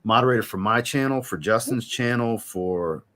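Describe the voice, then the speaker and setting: A man's voice: mid-range voice, normal speed, fairly bright tone. A man hosting a casual livestream, reviewing fragrances and reading out chat comments in an easygoing way.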